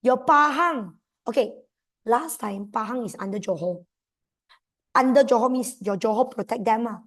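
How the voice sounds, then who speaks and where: A young woman with a Malaysian accent, giving an exam revision lesson in a lively, emphatic way. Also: fairly high pitch, moderate pace. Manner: lively, emphatic, mixes in local slang particles. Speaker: tutor.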